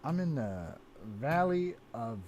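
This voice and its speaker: Dude streaming a game, cussing a lot, voice jumps all over, slow talker. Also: male voice, on the high side, big pitch swings, darkish tone, slight background noise. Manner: frustrated swearing outbursts. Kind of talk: live game stream commentary. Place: home room at a computer.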